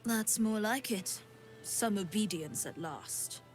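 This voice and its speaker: A woman's voice: medium pitch, slow, soft background music, lightly acted. A woman voicing a harsh, possessive courier who owns a dog, in video game dialogue, curt and domineering.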